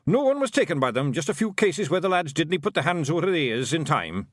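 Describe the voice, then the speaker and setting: A man voicing a small fierce male pixie chief who shouts. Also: a little high, big pitch swings, a little fast, no echo, studio quality, pitched above the performer's own voice. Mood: gruff reassuring. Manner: gruff, shouting.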